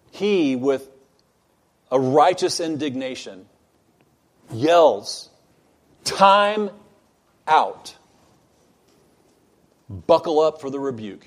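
A man preaching a sermon, earnest and building toward loud, emphatic stretches. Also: medium pitch. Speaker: pastor.

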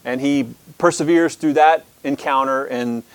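A man's voice: medium pitch, a little slow. A man teaching a church history lesson, who talks with many restarts and fillers and reads long passages aloud.

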